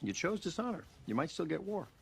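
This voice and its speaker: A man's voice: on the high side, very animated, brisk, vocal fry, breathy edge, exaggerated voice. A composed man with a dry, cutting rebuke. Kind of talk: film dialogue clip.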